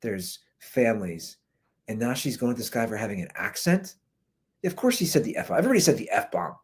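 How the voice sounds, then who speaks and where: A man in his thirties hosts his podcast and rants in a loose, animated way. His pitch swings widely, and his voice sounds husky. It was picked up by a plain computer mic. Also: a little fast. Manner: animated, conversational ranting, says "dude" and "man" often. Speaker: podcast host. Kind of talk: ranting commentary. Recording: recorded through a computer mic.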